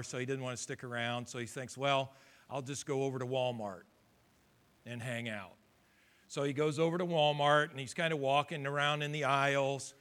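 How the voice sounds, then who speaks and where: A man preaching from the pulpit, his voice high and bright. He tells a story through quoted dialogue, then climbs to forceful, near-shouted appeals. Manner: retells conversations in quoted voices, builds to shouted exhortation. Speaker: pastor. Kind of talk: sermon storytelling.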